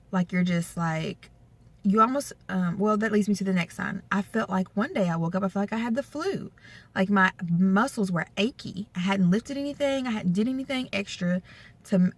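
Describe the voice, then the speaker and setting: A young adult woman talking casually to camera in a rambling, chatty vlog, full of fillers and asides. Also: on the low side. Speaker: vlogger.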